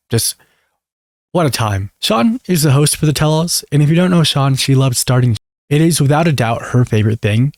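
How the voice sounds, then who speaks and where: A man's voice: mid-range voice, darkish tone, dry recording, studio quality. Sarcastic young man recapping gossip. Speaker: video creator. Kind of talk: reality TV recap commentary.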